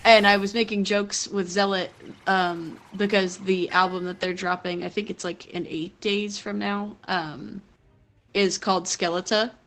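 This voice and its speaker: A woman chats casually at a mid pitch. She keeps hesitating and fills her speech with fillers. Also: fairly even intonation, a little slow, a bit bright. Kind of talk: casual chat.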